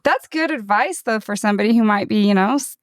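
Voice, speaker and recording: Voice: mid-range voice, expressive, fast, no room sound, studio quality. A podcast host chatting in a casual interview, encouraging the guest and laughing along.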